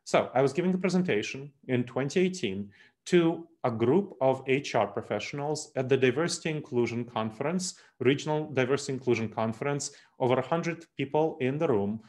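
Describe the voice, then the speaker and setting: Animated man giving a bias talk. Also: mid-range voice, brisk. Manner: animated, emphatic, with light laughs and asides. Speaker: speaker on unconscious bias. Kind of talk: presentation talk.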